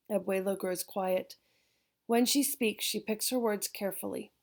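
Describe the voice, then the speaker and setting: A woman reading a first-person audiobook narration in an even, unhurried way. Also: mid-range voice, vocal fry.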